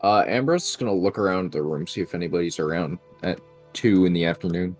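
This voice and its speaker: A man's voice: low voice, fast, darkish tone, soft background music. A man playing a tabletop game, speaking casually with a dry, jokey manner. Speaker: player.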